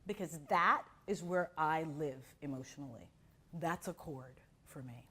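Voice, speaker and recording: A middle-aged woman from Miami with a low, husky voice teaches an acting class at a measured pace. She's an expressive storyteller, animatedly relating anecdotes and acting out the voices and quotes of the people in them.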